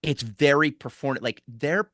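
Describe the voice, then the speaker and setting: A man in his forties from Philadelphia, a comedian chatting on a podcast, telling stories in a rambling, animated way with many restarts. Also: medium pitch, unhurried, no echo, clean studio sound. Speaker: guest comedian. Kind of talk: casual podcast chat.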